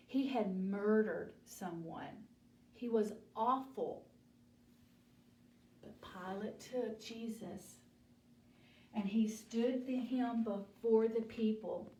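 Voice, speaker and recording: A woman's voice: mid-range voice, mellow. A woman teaching a children's Bible lesson, telling the story dramatically and acting out the voices, recorded in an echoey room from some distance.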